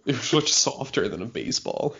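A man's voice: mid-range voice, animated, brisk, gravelly, pushed and bright, breathy edge. A young man chatting casually in a laid-back, self-deprecating way, saying "like" often. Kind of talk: casual chat. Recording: muffled lo-fi sound.

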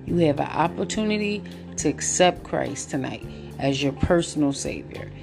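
Over music, a woman with a deep, creaky voice speaks at normal speed in an animated way. She's a podcast host on relationships, giving a casual late-night monologue full of laughter that turns into earnest, preachy encouragement.

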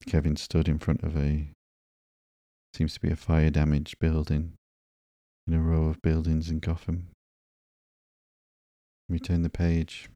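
A man hosting a podcast, narrating comic books slowly and drowsily in a calm, unhurried way. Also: very deep voice, no echo. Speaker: podcast host. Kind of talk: slow, sleepy comic book narration.

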